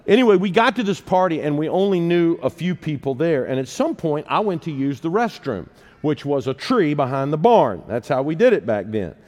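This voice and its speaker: A man's voice: a little high, big pitch swings, normal speed, a little mellow. A man in his sixties delivering a sermon in a church, telling personal stories with humor and poking fun at himself. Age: 60s. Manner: humorous, self-deprecating storyteller. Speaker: preacher. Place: church sanctuary. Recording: long reverb of a large hall.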